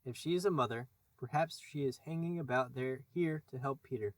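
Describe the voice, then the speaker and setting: A male narrator giving voice to a wary pirate from a storybook, guarded and suspicious as he speaks. The voice sits at a middle pitch, dry and close. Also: brisk, dry recording, lightly acted, rough recording.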